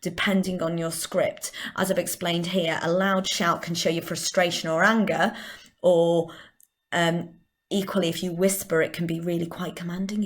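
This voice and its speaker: A middle-aged woman teaching drama, leading a vocal warm-up with clear, encouraging instructions. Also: on the low side, little pitch movement, moderate pace. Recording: echoey room.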